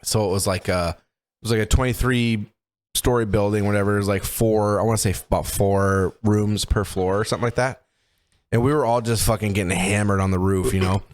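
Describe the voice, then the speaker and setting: Young male podcast co-host, animated profane storyteller, laughs a lot. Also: lowish voice, fairly quick. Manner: profane, animated, laughs while telling stories. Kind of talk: casual storytelling chat.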